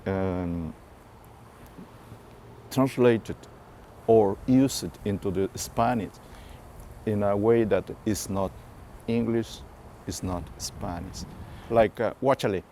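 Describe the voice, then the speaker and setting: A man explaining a point slowly in an interview, pausing often to find his words. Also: on the low side, mellow, slight background noise. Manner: slow, halting, searching for words.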